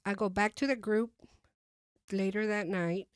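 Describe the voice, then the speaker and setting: A woman sharing her personal testimony as a guest, speaking hesitantly with many fillers and restarts and softly re-enacting her own thoughts. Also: medium pitch, fairly even intonation, a little slow, clear, resonant tone, dry recording, clean studio sound.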